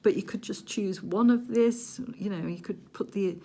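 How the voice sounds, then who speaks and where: A woman chatting casually while she does a craft project at home, rambling along with little hushed asides. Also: medium pitch, normal speed. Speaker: crafting vlogger. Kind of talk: casual chat while diamond painting.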